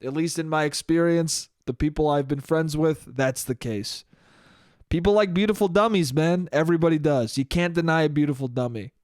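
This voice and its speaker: A man's voice: a little high, moderate pace, a little mellow, dry recording, studio quality. A young man hosting a solo podcast, rambling and cursing casually, mocking himself and often breaking into laughter. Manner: rambling, profane, self-mocking, frequent laughs. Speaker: podcast host.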